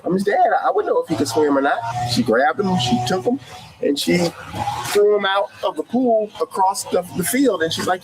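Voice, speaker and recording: Animated fast-talking father, noisy body-cam audio. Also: high-pitched. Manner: lively, acts out the quotes. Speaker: father recounting an incident. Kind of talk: animated storytelling. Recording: body-cam audio with clear background noise.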